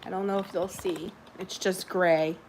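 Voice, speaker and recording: A woman's voice: fairly low pitch, steady tone, unhurried, background noise. A woman hosting a casual livestream from home, chatting with viewers, reading their comments and laughing often. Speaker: livestream host. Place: home indoors by a window.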